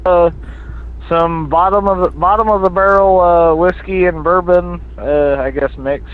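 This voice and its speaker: A man's voice: high voice, a little slow. A drunk man calling into a stream show, chatting casually and hesitantly. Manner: relaxed, hesitant, lots of uh. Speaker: caller. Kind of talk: casual call-in chat. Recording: tinny phone line.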